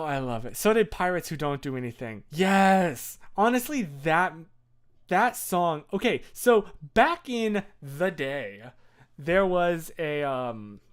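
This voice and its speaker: An adult streamer in their thirties rambles through casual live-stream chat, answering viewers as they go. The talk is unhurried and drawn out, full of fillers, restarts and nostalgic asides, in a voice pitched in the middle. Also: smooth.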